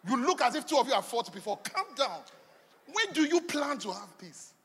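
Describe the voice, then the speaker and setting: A man preaching a sermon, swinging between loud declarations and quiet asides. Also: moderate pace, breathy edge. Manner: animated preaching, swinging from shouts to low asides. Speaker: pastor. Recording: long hall reverb.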